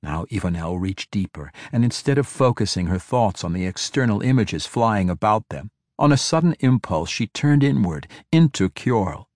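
A man narrating a fantasy audiobook in a measured, even storytelling manner. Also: fairly low pitch, no echo, studio quality.

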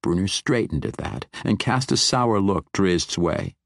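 Deep, lively-voiced male audiobook narrator. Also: measured pace, creaky, no echo, studio quality. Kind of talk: scripted fantasy narration.

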